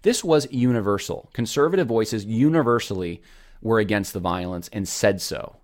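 Male host, casual commentary, earnest, restarts a lot, somewhat low pitch. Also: moderate pace, darkish tone. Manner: earnest, rambling, many restarts.

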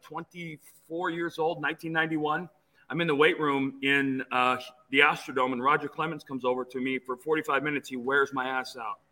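A man's voice: a little high, low-quality recording. Tense-voiced man in his fifties. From Phoenix, USA. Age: 50s. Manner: animated storyteller with many restarts. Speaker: interview guest, former player. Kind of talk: storytelling in an interview.

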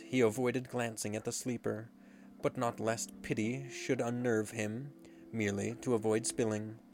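A man narrating a storybook in a measured, expressive reading. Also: on the low side, slight background noise. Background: faint guitar music.

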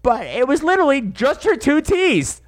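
A man's voice: very high-pitched, big pitch swings, normal speed. A man hosting a talk show, telling stories in a profane, sarcastic comedic rant and slipping into mocking voices.

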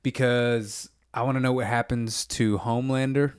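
A man's voice: mid-range voice, steady tone, moderate pace, clear, resonant tone, dry recording, studio quality. A man chatting casually about a TV show, laid-back, saying "dude" and "man" and swearing freely. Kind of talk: casual chat.

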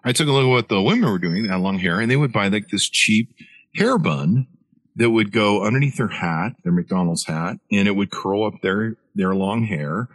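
A man's voice: on the low side, expressive, moderate pace, no room sound. A middle-aged man, an author guest, telling a long story in an interview with many fillers and restarts.

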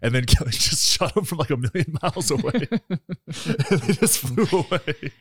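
A man's voice: on the high side, lively intonation, normal speed, slightly rough, dry recording, clean studio sound. A man co-hosting a casual podcast, telling a rambling story with lots of "like" and frequent laughter. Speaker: podcast co-host. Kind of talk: casual chat.

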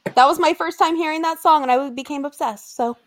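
A young woman in casual conversation, her voice sitting high. She tells stories with lots of animation and throws herself into the quotes, playing every character with exaggerated voices. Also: fairly quick. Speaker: podcast co-host. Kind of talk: casual chat.

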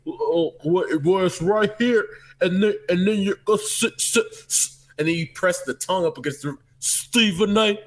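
A man co-hosting a sports podcast, talking in a casual, animated and emphatic way, with jokes. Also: high-pitched, normal speed. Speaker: podcast co-host.

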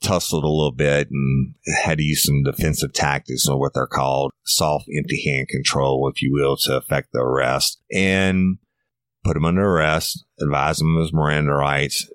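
Very deep-voiced man telling a police story. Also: dry recording, studio quality. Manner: blunt, profane, laughs while telling. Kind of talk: casual storytelling.

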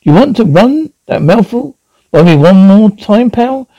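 A man playing a gruff, gun-loving older husband with a British accent, blustering and belligerent. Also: high-pitched, very animated, measured pace, no room sound, muffled recording, voice pushed up, full character voice.

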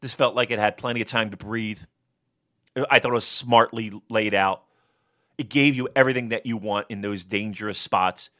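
A man co-hosting a casual review podcast, talking profanely and excitably and working himself up into shouting rants. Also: on the low side, moderate pace. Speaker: wrestling podcast co-host.

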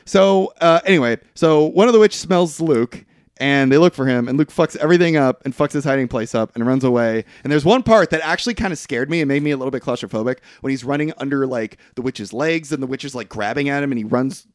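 A man's voice: medium pitch, quick pace, dry recording, studio quality. A man chatting casually on a podcast about a film, joking and filling his talk with "like.". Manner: joking, chatty, lots of fillers like "like". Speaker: podcast co-host. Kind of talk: casual chat recapping a film.

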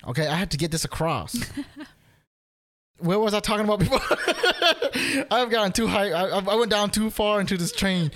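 On a relaxed podcast, a man with a high, animated voice and a fairly bright tone turns an argument into a story, acting out both parties and laughing a lot. He speaks at a moderate pace.

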